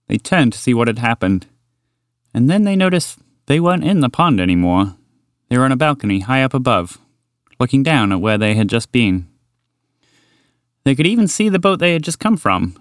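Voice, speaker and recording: A man reads a children's story aloud in a lively, expressive way, with his pitch rising and falling freely. His voice sits in a middle range. It sounds close and dry, with no room echo.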